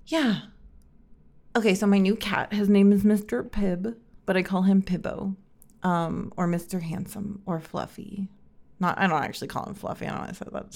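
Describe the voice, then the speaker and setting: A young woman chatting casually and rambling on her own, sounding tired and sleepy, with heavy vocal fry and many fillers. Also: fairly low pitch, a little mellow. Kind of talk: casual solo chat.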